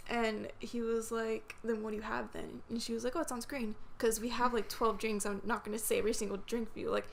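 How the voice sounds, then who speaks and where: A young woman hosting a podcast, telling work stories in a casual, animated way, acting out customers and swearing freely. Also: fairly high pitch, fairly quick, gravelly, a little hiss or hum. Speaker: podcast host. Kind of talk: casual chat.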